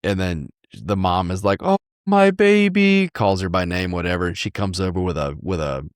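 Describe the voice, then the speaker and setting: A man's voice: deep voice, fairly even intonation, fairly quick, dry recording, studio quality. A man in his thirties, a podcast co-host, telling a rambling story in casual chat.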